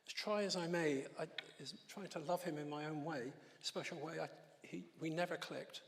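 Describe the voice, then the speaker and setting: Gravelly man giving an emotional church testimony. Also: on the high side, big-room sound. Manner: emotional, halting storytelling with restarts and soft laughs. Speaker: guest speaker giving testimony. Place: church hall.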